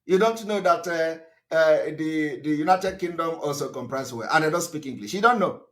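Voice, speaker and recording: Male broadcaster, high bright voice, emphatic speech with repeated rhetorical questions. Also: a little fast. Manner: emphatic, repetitive, asks the audience rhetorical questions; fillers and restarts, pitch swings up and down. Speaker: political broadcaster. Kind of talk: live political broadcast speech.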